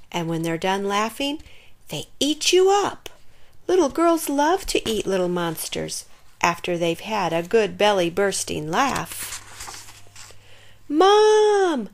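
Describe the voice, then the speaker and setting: Slow expressive woman reading a kids' story. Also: medium pitch, gravelly. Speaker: storybook reader. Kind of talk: children's story read-aloud.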